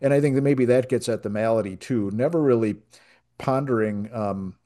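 A man moderating a Bible discussion, talking in a relaxed way with many fillers. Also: mid-range voice, moderate pace.

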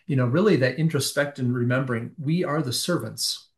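A man, a pastor, talking through a Bible parable in a thoughtful, halting way with frequent restarts. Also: medium pitch.

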